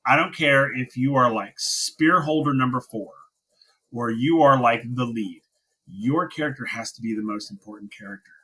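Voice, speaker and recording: A man's voice: a little high, pushed and bright, husky, low-quality recording. A man co-hosting a wrestling podcast in casual chat, talking in emphatic, impassioned rants.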